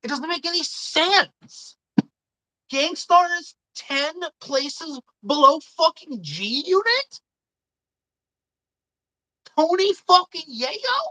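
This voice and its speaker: A woman's voice: high voice, animated, takes it slowly, pauses often, sharp tone, no echo, low-quality recording. Swearing, indignant woman streamer, dry mic. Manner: swears a lot, indignant and opinionated. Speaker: live stream host. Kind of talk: casual live stream chat.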